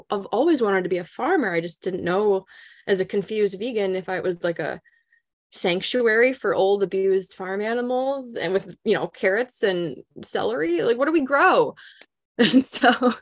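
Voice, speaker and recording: A woman's voice: medium pitch, dry recording, studio quality. A woman in her thirties from Minnesota with a Minnesotan accent, chatting as a podcast guest and laughing often as she tells stories. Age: 30s. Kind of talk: casual storytelling chat.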